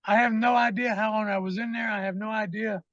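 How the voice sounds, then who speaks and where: A man's voice: high-pitched, steady tone, fairly quick, a bit bright, no echo, lo-fi sound. A man, a podcast guest, telling rambling, profane stories full of fillers in a casual interview.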